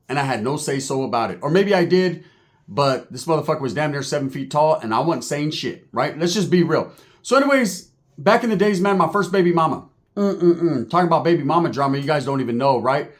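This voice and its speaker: A man telling a comic story from his own life, swearing freely and checking in with his listeners after nearly every line. His voice sits a little higher than most men's. He talks in a loose, streetwise way. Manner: profane, streetwise, keeps asking "right?".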